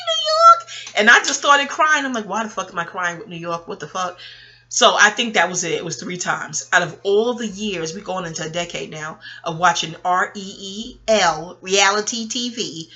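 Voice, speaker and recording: A woman's voice: mid-range voice, sharp tone. A woman rambling through a casual, profane monologue about reality TV, chatty and full of digressions. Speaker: online commentary creator.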